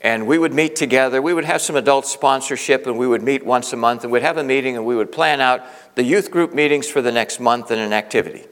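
A man's voice: mid-range voice, fast talker, few pauses, fairly bright tone. A middle-aged man preaching a storytelling sermon, earnest and conversational, often restarting his sentences. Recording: long reverb of a large hall.

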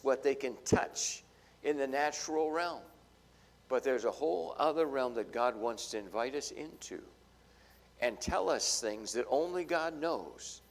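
Middle-aged male pastor, gravelly, animated sermon delivery, big hall reverb. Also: mid-range voice. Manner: animated, swings from loud emphasis to hushed asides, acts out voices in his story. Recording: long reverb of a large hall.

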